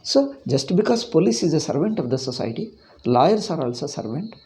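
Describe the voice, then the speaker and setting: A fervent teacher's class lecture from a man with an Indian English accent and a high but mellow voice. He scolds his listeners with pointed rhetorical questions. He stumbles into restarts and repeats words as he presses his point. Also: big pitch swings, brisk, a little hiss or hum, poor audio. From Telugu-speaking South India. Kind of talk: lecture with moral digressions.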